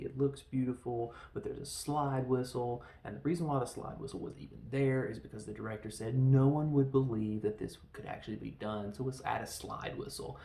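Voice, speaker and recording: A man's voice: medium pitch, creaky, a little mellow. A man hosting a podcast, giving a casual, joking, self-deprecating film review. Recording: roomy echo.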